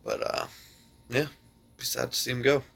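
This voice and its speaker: Gravelly man telling jokes casually. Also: mid-range voice, normal speed. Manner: animated joke-telling, swearing, laughing.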